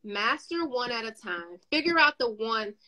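A woman chatting casually as a guest speaker, telling animated stories and giving motivational advice. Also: fairly high pitch, moderate pace, low-quality recording. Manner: animated storyteller, acts out dialogue, gives advice.

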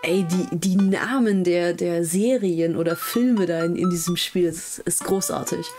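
A woman's voice: lowish voice, measured pace, darkish tone, soft background music. A woman streamer chatting casually while playing a game, with giggly asides. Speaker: let's play streamer.

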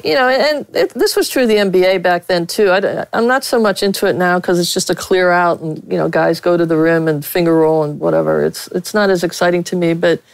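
A woman's voice: lowish voice, brisk, creaky, few pauses, clean tone, no echo, poor audio. A woman from Pittsburgh, a veteran sportswriter, telling blunt stories in a casual interview with many fillers and laughs. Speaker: sportswriter guest.

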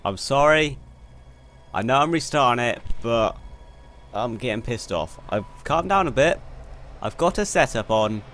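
A young man commentating on his own racing game run, excitable and quick to swear in frustration. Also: mid-range voice. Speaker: gaming YouTuber. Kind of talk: gameplay commentary. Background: faint game car engine noise.

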